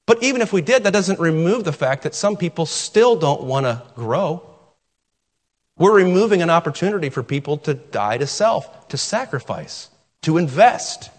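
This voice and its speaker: Lively higher-voiced man preaching in a reverberant church. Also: normal speed. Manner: emphatic preaching, repeats key phrases. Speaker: pastor. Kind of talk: sermon. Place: church sanctuary. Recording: long reverb of a church hall.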